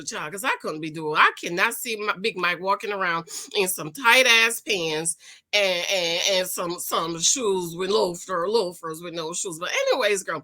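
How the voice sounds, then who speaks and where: A woman recapping a reality show in animated, slangy gossip, acting out what people said. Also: mid-range voice. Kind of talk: casual gossip chat.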